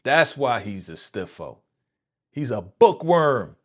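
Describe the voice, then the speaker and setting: A man's voice: medium pitch, big pitch swings, takes it slowly. A man hosting a live reaction stream, chatting casually in slang and laughing often. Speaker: streamer host.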